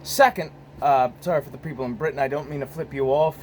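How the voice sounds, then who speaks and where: A man's voice: medium pitch, fast talker, a little hiss or hum, low-quality recording. Rambling American man vlogging casually. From United States. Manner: rambling, profane, many restarts. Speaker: host. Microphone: phone.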